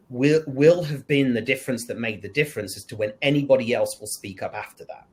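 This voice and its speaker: A man speaking as a guest on a discussion panel, animated, switching into higher voices to act out lines. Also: a little fast, hardly any pauses, low-quality recording. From United Kingdom.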